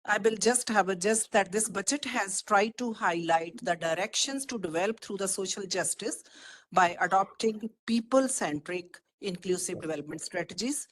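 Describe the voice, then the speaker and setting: Indian woman on a video call, formal econ talk, steady middle pitch, lots of uhs. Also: a little hiss or hum, rough recording. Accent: Indian English. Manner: measured, listing points with frequent fillers. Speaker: webinar speaker, economist. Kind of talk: formal panel presentation.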